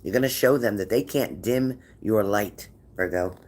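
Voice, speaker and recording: A man's voice: fairly low pitch, normal speed, darkish tone. A man giving a tarot reading to viewers, talking in an encouraging way and often repeating his phrases. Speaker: tarot reader.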